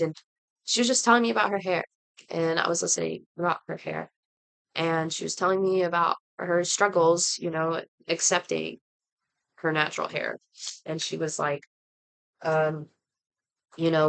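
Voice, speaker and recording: A woman's voice: sits low, fairly even intonation, normal speed, gravelly, fairly bright tone. A woman with a cold, rambling through a heartfelt story in casual chat while she does her makeup. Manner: rambling, heartfelt, lots of fillers. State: congested from a cold. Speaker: vlogger.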